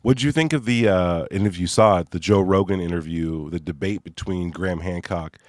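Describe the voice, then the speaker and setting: A man hosting a podcast, speaking softly and hesitantly with many fillers. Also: low-pitched, fairly quick, no echo, clean studio sound. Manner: soft-spoken, hesitant with fillers. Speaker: podcast host. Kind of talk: casual podcast conversation.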